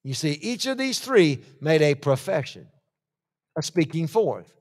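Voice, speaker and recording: A man preaching a sermon, swinging from hushed asides to shouted lists and acting out the voices he quotes. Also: fairly high pitch, big pitch swings, a little slow. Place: church hall. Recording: long church-hall reverb.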